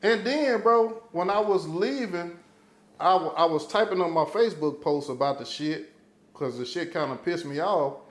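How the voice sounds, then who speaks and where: A man spins a street story in relaxed podcast talk, swearing often and voicing each person he quotes. His voice sits high, and the room around him rings with echo. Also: moderate pace. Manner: profane, animated storyteller, acting out quotes. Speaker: podcast guest. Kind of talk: casual storytelling chat.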